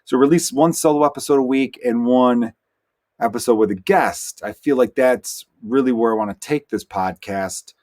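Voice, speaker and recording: A male stand-up comedian from Chicago hosting a solo podcast, telling crowd stories in animated, rambling fashion with quoted dialogue. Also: moderate pace. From Chicago, USA. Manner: animated storytelling with quoted dialogue, jumps up in pitch when worked up.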